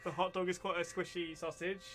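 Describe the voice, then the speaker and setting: A man's voice: high voice, flat delivery, brisk, fairly bright tone. A man streaming a video game live, chatting and laughing through rambling commentary on his play. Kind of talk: casual live-stream chat. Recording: game music under the voice.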